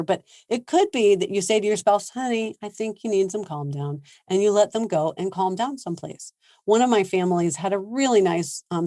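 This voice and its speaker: Woman coach, lowish voice, lively seminar delivery, close dry recording. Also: no echo. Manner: animated, laughs often, acts out quoted lines. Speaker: parenting coach. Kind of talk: seminar talk.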